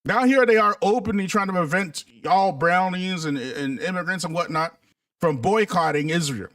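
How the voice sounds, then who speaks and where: A man's voice: high-pitched, moderate pace, a bit bright, far from the mic. A man giving casual political commentary to his viewers, talking in a sarcastic, mocking, conversational way.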